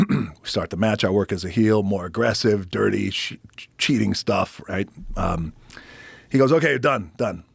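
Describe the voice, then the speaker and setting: Deep gravelly man telling a story. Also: measured pace, dry recording. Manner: profane, animated storytelling, acting out other people's lines. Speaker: podcast guest. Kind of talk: casual storytelling conversation.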